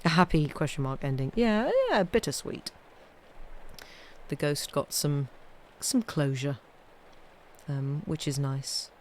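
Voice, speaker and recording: A woman's voice: low-pitched, slow pace, pauses often, a little hiss or hum. Wry woman reading ghost stories. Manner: chatty, wry, trailing off quietly. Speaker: storyteller streaming live readings. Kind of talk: reading ghost stories aloud with casual chat between.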